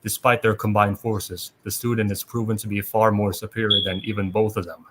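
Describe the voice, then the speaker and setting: A man hosting a podcast, reading a plot recap aloud in a steady way with small restarts. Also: lowish voice, brisk, very noisy. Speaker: podcast host.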